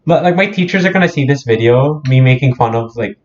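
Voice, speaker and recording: A man's voice: medium pitch, animated, fast talker, slight background noise. A young man from the Philippines, co-hosting a casual podcast with friends, laughing often and joking in mock accents. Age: young adult. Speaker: podcast co-host. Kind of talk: casual chat between friends. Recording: dull lo-fi audio.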